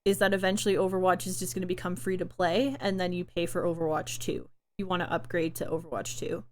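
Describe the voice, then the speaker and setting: A woman's voice: on the low side, level tone, quick pace. A young adult woman streamer in casual live-stream chat, chatty and giggly, rambling with fillers, her throat tired from talking.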